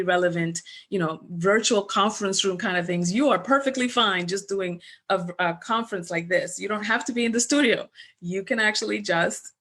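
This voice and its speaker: A middle-aged woman business coach giving a conversational webinar presentation over a video call, an animated storyteller. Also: medium pitch. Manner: animated storyteller, acts out remembered dialogue.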